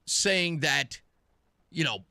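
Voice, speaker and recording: A man's voice: fairly high pitch, expressive, very slow, bright, forceful tone, no echo, studio quality. A middle-aged man hosting a radio talk show, chatting and telling stories casually and laughing at himself. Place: radio studio.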